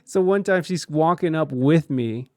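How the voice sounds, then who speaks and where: A podcast host tells a candid personal story casually, swearing often and laughing throughout. His voice is fairly high with a darkish tone, a little slow, in studio quality with no echo.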